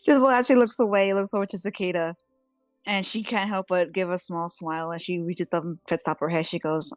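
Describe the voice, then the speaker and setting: A woman's voice: fairly low pitch, fairly even intonation, fairly quick, no echo, soft background music. A woman narrating her character's actions in a tabletop game, in a loose, descriptive way. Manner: descriptive, with frequent "kinda" and "she goes". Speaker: player.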